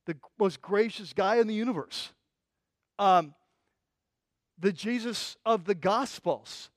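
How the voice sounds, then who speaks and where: A man pastor delivers a sermon as vivid, passionate storytelling, tumbling into restarts as he builds a scene. His voice sits high for a man, and the sound is dry and close with no room echo. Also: slow pace, long pauses.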